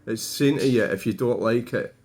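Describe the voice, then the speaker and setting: A man talks through updates on his own channel in a loose, digressive way, tossing in dry asides as he goes. His pitch sits in an ordinary middle range. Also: normal speed, darkish tone. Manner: rambling, wry, digressive. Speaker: vlogger. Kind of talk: casual commentary on own channel.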